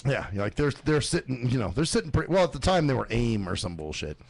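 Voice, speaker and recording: Male radio host; casual rambler, animated pitch, curses freely. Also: fast talker, vocal fry. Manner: loose, swearing, laughing, rambling with many fillers. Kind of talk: casual chat.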